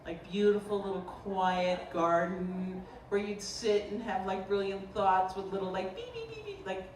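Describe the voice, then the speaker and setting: A woman from the Boston area, a potter giving a humorous artist talk, telling stories in an animated, joking way. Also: medium pitch, unhurried. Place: lecture room at a festival. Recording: roomy, distant mic, faint noise.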